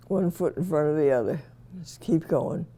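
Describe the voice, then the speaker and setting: A woman's voice: low-pitched, animated, slow pace, mellow. An older woman reminiscing in a casual interview, telling wry anecdotes and chuckling at herself.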